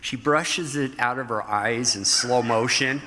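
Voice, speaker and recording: A middle-aged man, a guest in an interview, telling stories from his life in an animated way, often laughing. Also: mid-range voice, unhurried, noisy background. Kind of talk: storytelling interview. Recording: hall reverb.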